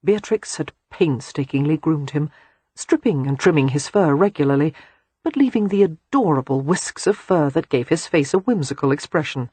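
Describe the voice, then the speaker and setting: Woman reading an audiobook, husky voice, lively pitch, dry close sound. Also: no echo. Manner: measured, expressive reading. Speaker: audiobook narrator. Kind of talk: scripted narration.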